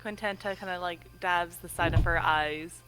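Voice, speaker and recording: A woman's voice: on the low side, steady tone, normal speed, over music, low-quality recording. A woman playing a tabletop game who describes her character in a hesitant way, with many ums. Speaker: player.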